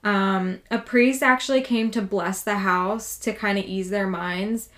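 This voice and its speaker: A woman's voice: medium pitch, steady tone, a little slow, a bit bright. Woman podcast host, casual storyteller, chatty with swearing. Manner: casual, swears freely, lots of "like". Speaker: podcast co-host telling a true haunting story.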